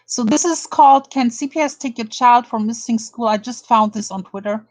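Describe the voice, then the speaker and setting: A woman's voice: on the high side, normal speed, a little mellow, low-quality recording. A woman from Germany doing a blunt, indignant drama commentary, calling someone out and reading an article aloud. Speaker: commentary vlogger.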